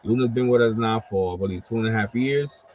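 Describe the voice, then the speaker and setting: A man's voice: on the low side, brisk, a little hiss or hum. Chatty man telling stories on a livestream. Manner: animated, profane storytelling with lots of fillers. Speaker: host of a wrestling collectibles livestream. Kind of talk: casual livestream chat. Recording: slightly dull lo-fi stream audio.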